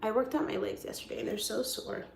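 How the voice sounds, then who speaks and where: A woman's voice: fairly high pitch, fast talker, vocal fry, slight background noise. A woman realtor chatting casually on a live stream, goofy and rambling in a silly, friendly way. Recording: roomy echoey sound.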